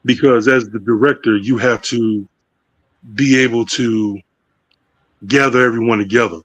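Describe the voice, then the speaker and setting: A man who directs films, speaking casually in halting, repetitive phrases with slang. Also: medium pitch, steady tone, a bit bright. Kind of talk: casual interview chat.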